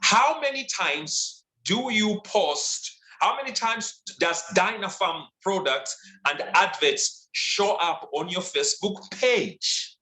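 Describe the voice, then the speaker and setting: A man delivers a motivational sales training talk, hammering his points with emphatic repetition. His voice sits high and swings widely in pitch. The sound is roomy, with a clear echo. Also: expressive, slow, bright, forceful tone. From Zambia. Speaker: sales and leadership trainer, guest speaker.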